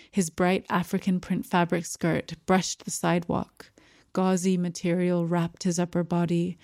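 A woman narrating a first-person story in a measured, even storytelling manner. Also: on the low side, dry recording, studio quality. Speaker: audiobook narrator.

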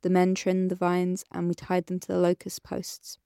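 Soft-spoken confiding woman, read by a woman narrator; smooth, even delivery, dry close sound. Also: fairly low pitch, normal speed, no echo. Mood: wistful. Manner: soft and pleading. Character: tender woman confiding old memories. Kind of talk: audiobook character reading.

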